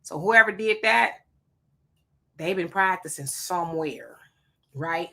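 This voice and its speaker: Chatty woman with a bright voice. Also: fairly low pitch, animated, slow, gravelly. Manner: chatty, greets viewers by name, asides and rhetorical questions. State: sweating. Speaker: livestream host. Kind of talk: casual livestream chat, reading viewer comments aloud.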